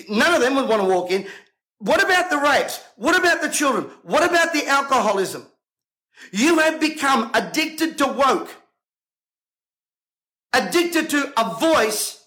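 High, bright-voiced indignant preacher man. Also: low-quality recording. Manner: emphatic, combative, rhetorical questions. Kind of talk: indignant monologue to camera.

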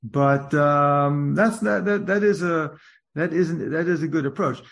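A man's voice: a little high, measured pace, vocal fry. A man, a rabbi, giving an informal lecture to a study group, thinking aloud with many restarts and rhetorical questions. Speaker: rabbi teaching a text class.

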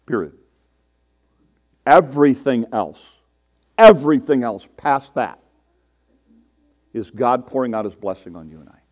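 A man's voice: medium pitch, lively intonation, unhurried, pauses often, darkish tone. A man preaching a sermon to his congregation in a conversational way, asking rhetorical questions and mimicking the people he quotes. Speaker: pastor.

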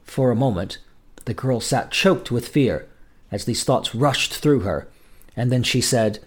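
A man reading a folk tale aloud as a storyteller, in a measured, expressive storybook narration. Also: mid-range voice, husky.

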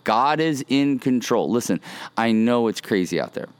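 A man's voice: mid-range voice, expressive, moderate pace, clean tone, no echo. A man hosting a casual devotional podcast outdoors, speaking earnestly and encouragingly and often repeating phrases. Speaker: podcast host. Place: outdoors by a pool.

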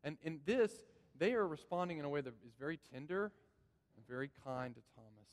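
A man's voice: fairly high pitch, expressive, brisk. A man preaching a sermon in a church, earnest and repeating key phrases for emphasis. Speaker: pastor. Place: church sanctuary. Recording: long reverb of a church hall.

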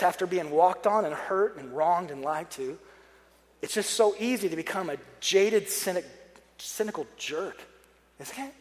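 Young male preacher, high voice, chatty sermon with jokes and earnest prayer; long hall reverb. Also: lively intonation, normal speed. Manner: conversational, joking asides, earnest prayer passages. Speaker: pastor.

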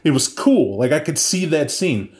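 A man's voice: fairly high pitch, very animated, normal speed, a little mellow. A man hosting a podcast, casually and animatedly retelling a tabletop game session he ran, with many asides. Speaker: podcast host and game master. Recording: echoey room.

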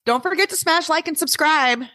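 A woman's voice: high-pitched, a little fast, bright, forceful tone. Joking woman podcast co-host. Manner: joking, dry quips. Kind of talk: casual political chat. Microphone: video call.

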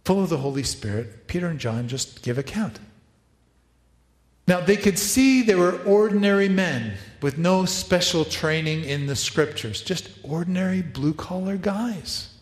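A man preaching a sermon, animated, acting out quoted voices and making asides to helpers. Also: high-pitched, unhurried. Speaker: pastor. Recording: echoey hall, reverberant.

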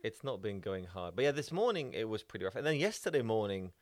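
A man's voice: on the low side, very animated, quick pace, no echo. Dutch man, dry close voice. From Netherlands. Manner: chatty, laughs often, trails off mid-sentence. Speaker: podcast co-host. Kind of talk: casual chat.

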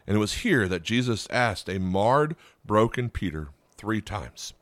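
Earnest low-voiced male preacher. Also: animated, normal speed, hardly any pauses, a bit bright, no echo. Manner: earnest, rhetorical tag questions, emphatic repetition. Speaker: pastor. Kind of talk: podcast sermon.

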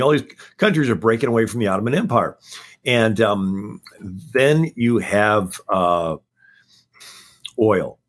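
Low-pitched guy, historian guest, rattling off facts super fast like a lecture. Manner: talks fast, packing in facts one after another. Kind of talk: rapid-fire history lecture on a talk show.

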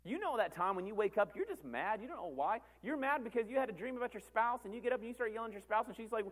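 A man pastor preaching a sermon, animated, swinging between loud emphatic calls and quiet conversational asides. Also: very high-pitched, fast talker, hardly any pauses.

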